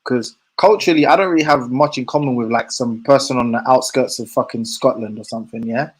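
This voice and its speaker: A man's voice: medium pitch, fairly quick, husky. A man from London with a London accent, talking casually on a podcast and working through his thoughts with restarts. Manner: earnest, thinks aloud with restarts. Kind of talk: casual chat.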